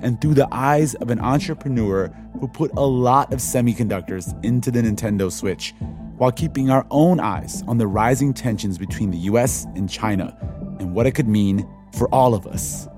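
Measured male narrator over music. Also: medium pitch. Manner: measured, explanatory. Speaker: podcast co-host. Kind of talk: scripted narration.

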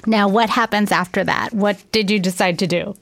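A woman interviewing an author, calmly guiding him into reading from his book. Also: medium pitch, normal speed, creaky, no room sound. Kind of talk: interview questions.

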